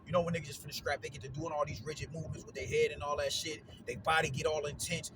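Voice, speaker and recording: Slangy, animated male boxing commentator. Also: fairly high pitch, fast, noisy background. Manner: slangy, animated, repeats himself, many fillers. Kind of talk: casual solo commentary.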